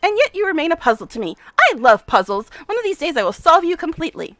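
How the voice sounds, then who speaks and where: A woman reading aloud the lines of an eccentric, excitable female scholar obsessed with science, in a brisk, lecturing tone. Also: extremely high pitch, exaggerated voice. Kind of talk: reading game dialogue aloud.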